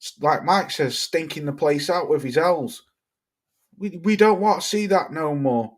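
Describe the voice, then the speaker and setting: A man's voice: fairly high pitch, a little slow. Male livestream host from Cheshire, blunt, sweary ranting delivery. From Cheshire, England. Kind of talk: livestream rant reading chat comments.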